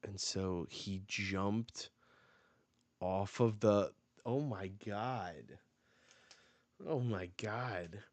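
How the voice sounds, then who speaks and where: Slow, low-voiced man reacting to manga. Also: darkish tone, no echo. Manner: reads dialogue aloud with quick reactions. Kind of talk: live reading reaction.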